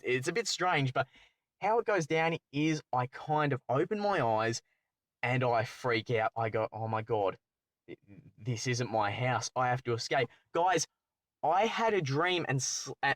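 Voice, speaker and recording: A young man, telling a personal story as a channel host in a rambling, excitable way, correcting himself often. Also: medium pitch, no room sound. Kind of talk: storytime commentary.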